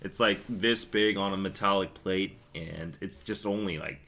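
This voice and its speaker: A young man hosting a live stream, chatting casually and rambling through stories and viewer comments with quick asides and laughs. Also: low voice, gravelly, bright, forceful tone. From Korea. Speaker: podcast host reading live chat.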